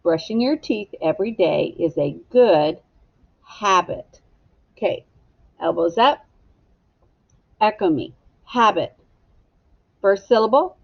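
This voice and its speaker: A woman teacher giving a slow, patient phonics lesson to young children and prompting them to echo words. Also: mid-range voice, vocal fry, darkish tone, lo-fi sound.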